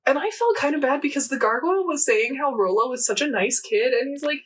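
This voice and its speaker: A woman's voice: high voice, animated, quick pace, distant mic. A young woman co-hosting a casual podcast, rambling animatedly through a story recap with lots of fillers and quoted lines. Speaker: podcast co-host. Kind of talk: casual chat recapping a game event.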